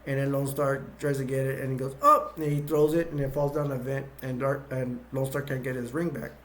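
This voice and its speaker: A man's voice: medium pitch, level tone, brisk, a little mellow. A man casually retelling movie scenes scene by scene, rambling and restarting as he goes. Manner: rambling, full of fillers and restarts. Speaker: movie reviewer.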